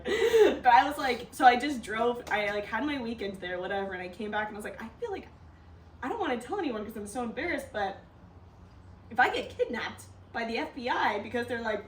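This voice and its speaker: A woman's voice: fairly high pitch, big pitch swings, fairly quick, slight background noise. A young woman co-hosting a podcast, telling a story in casual chat and acting out the quotes with lots of laughter. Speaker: podcast co-host. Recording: echoey room, a bit distant from mic.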